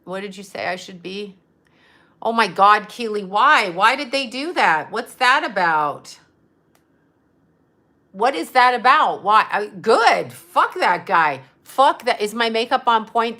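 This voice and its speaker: A woman's voice: mid-range voice, very animated, takes it slowly, bright, forceful tone. Exasperated, swearing woman on a livestream. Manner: exasperated, rambling, swears freely. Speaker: psychic medium livestreaming to followers. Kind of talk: casual livestream chat reading comments. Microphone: phone.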